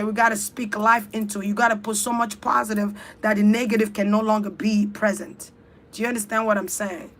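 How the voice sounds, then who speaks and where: A woman's voice: medium pitch, fairly bright tone, slight background noise. Fervent woman leading a spiritual ritual. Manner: fervent, repetitive chant-like exhortation. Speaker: spiritual speaker. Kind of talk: spiritual guided ritual talk.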